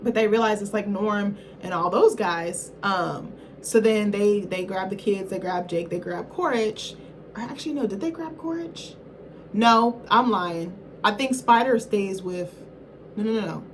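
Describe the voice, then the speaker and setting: A woman reviewer recaps a film casually, rambling in slangy, profane language and often correcting herself mid-thought. Her medium-pitched voice moves at a measured pace over a slight hiss or hum.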